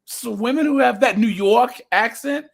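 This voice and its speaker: A man's voice: very high-pitched, normal speed, vocal fry, slight background noise. A man hosting a casual reaction livestream, chatty and laughing often. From New Jersey. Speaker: livestream host.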